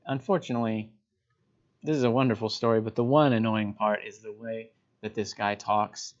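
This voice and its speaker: A male teacher in a casual recorded lecture, chatty and relaxed as he explains to students. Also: mid-range voice. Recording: dull lo-fi recording.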